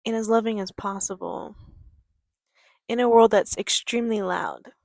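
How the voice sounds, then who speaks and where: A woman life coach giving a reflective motivational talk in a gentle, calm, quiet and patient way. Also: mid-range voice, creaky, dry recording. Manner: unhurried, patient delivery. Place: outdoors near a creek.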